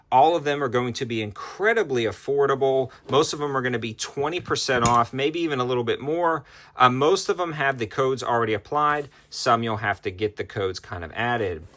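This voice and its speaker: A man with a bright, forceful voice runs down product deals one after another. His delivery is brisk and upbeat, like a seasoned presenter reeling off specs and prices. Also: mid-range voice. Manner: quick, upbeat sales-style patter. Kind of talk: product deal rundown.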